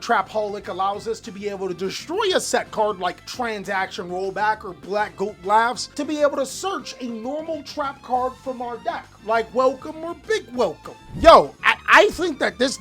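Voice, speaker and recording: A man hosting a casual card game commentary video, animated and jokey, with some playful trash talk. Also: high-pitched, moderate pace, few pauses, faint music behind. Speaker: YouTube host.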